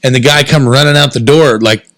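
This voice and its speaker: A young man from Southern Indiana, co-hosting a podcast, telling a story in casual chat, animated and swearing freely. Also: mid-range voice, fairly quick, dry recording. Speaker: podcast co-host.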